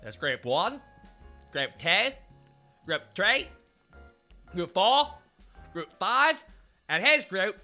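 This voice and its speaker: A man's voice: high voice, very animated, drawn-out words, pauses often, sharp tone, faint music behind, exaggerated voice. A man putting on a New Zealand tour guide who calls out his groups in a mock accent. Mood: bossy.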